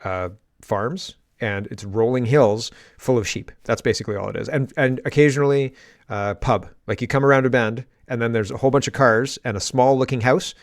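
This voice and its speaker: A man's voice: mid-range voice, fairly quick, no echo, studio quality. A man hosting a political commentary show, talking in a rambling, sarcastic monologue with frequent laughs.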